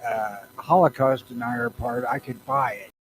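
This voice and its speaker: A man's voice: medium pitch, steady tone, a little slow, slight background noise, low-quality recording. A man co-hosting a podcast in casual chat, blunt and grumpy, swearing freely. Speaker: podcast co-host. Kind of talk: casual profane banter.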